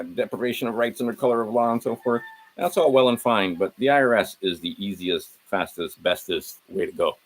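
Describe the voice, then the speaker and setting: A man's voice: mid-range voice, poor audio. A man walking viewers through his documents in a casual screen-share, rambling and correcting himself as he rattles off legal citations. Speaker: video host.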